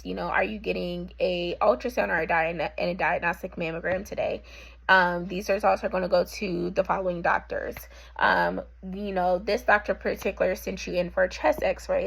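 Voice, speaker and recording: A young woman speaks in a low voice with a gravelly edge, explaining a class assignment in an unscripted way. She pauses often and restarts her sentences as she thinks aloud. Her voice sounds slightly husky. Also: poor audio. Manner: halting, with frequent ums and self-corrections. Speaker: patient representative. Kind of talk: reflective monologue for a class assignment.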